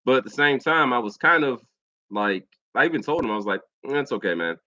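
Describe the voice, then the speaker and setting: A man's voice: mid-range voice, lively intonation, a little fast, bright, forceful tone, dull audio. An American man and Air Force veteran telling a profane personal story in a casual vlog monologue, mimicking other people's lines as he goes. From United States.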